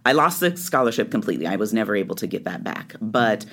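A middle-aged woman speaks as a guest in a relaxed interview. She tells a personal story with feeling, her voice rising and falling as she acts out what others said. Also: extremely low pitch, fast talker, breathy edge. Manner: animated storytelling, acting out quoted lines.

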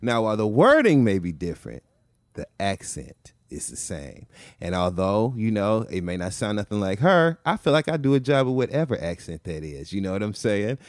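A man's voice: fairly low pitch, sing-song, normal speed, no echo, studio quality. A man hosting a podcast with casual chat, laughing often and stretching out quoted catchphrases. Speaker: podcast host.

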